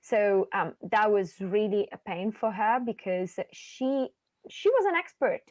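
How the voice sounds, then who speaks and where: Woman voice coach, co-host, lively demo-style delivery, dry close webcam sound. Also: unhurried, no echo. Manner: animated, swings her voice high and low to demonstrate. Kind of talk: casual podcast chat.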